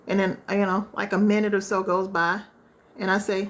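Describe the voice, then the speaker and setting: A woman's voice: mid-range voice, level tone, normal speed. A woman coach speaking casually to her listeners about relationships, with features in her speech. She tells everyday stories, acts out little quotes, and keeps checking in with asides. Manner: conversational, storytelling with acted-out quotes and rhetorical asides. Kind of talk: casual live-stream talk.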